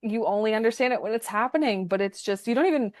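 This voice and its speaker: A woman's voice: on the high side, fast, dry recording, studio quality. A young woman giving a heartfelt testimonial in a conversational interview, speaking effusively and often restarting her sentences. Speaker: program participant giving a testimonial.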